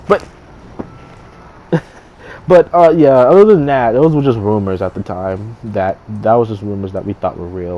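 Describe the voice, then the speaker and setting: A man's voice: sits low, mellow, slight background noise. Rambling young man telling a story. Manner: rambling, restarts sentences often, swears casually. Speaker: gaming streamer. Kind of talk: casual storytelling to camera.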